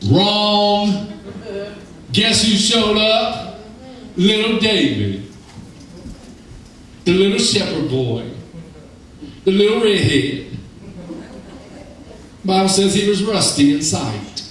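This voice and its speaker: A man's voice: high voice, animated, takes it slowly, long pauses, a bit bright. A man preaching a sermon as pastor, passionately acting out biblical figures in dialogue. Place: church sanctuary. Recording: roomy, distant church recording.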